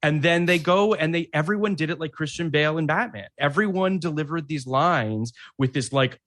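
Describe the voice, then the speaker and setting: A man's voice: a little high, moderate pace, fairly bright tone, dry recording, clean studio sound. A man co-hosting a podcast, talking casually in a rambling way and laughing often.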